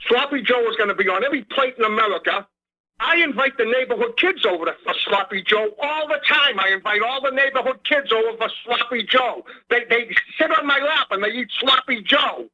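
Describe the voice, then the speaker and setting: A caller doing an irritated old Boston politician. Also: male voice, very high voice, pushed and bright, heavily acted. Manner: rambling, scolding, repeats himself. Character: impression of an older male presidential candidate with a Boston accent, irritated. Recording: muffled phone line.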